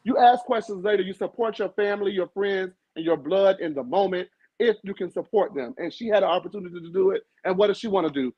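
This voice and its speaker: A man hosting a casual review panel, sassy and theatrical with quick comebacks, over a video call. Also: high voice, no echo. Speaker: panel host. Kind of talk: casual pop-culture review chat. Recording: dull lo-fi dry audio.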